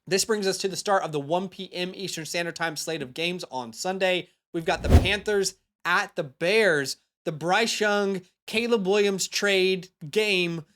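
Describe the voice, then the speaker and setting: A young man hosting a fantasy football show, giving energetic, emphatic start-and-sit advice in a casual monologue. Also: sits high. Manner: hyped, emphatic, speeds up and slows down.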